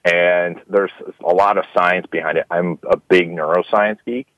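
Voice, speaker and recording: Low-voiced man telling stories. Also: normal speed, no room sound. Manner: animated storyteller, acts out quoted dialogue. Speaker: guest, keynote speaker. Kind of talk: casual interview chat. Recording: dull lo-fi dry sound.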